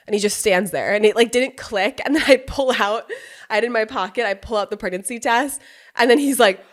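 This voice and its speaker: A woman's voice: mid-range voice, fast. Laughing, swearing young woman podcaster. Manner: animated, laughing often, swearing, quoting others in reenacted voices. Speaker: podcast host. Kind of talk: casual storytelling monologue.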